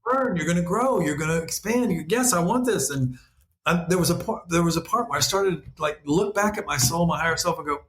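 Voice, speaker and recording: A man talking as a podcast guest, an animated storyteller who acts out voices. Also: on the high side, fairly quick. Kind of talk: casual conversation. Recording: echoey room, faint noise.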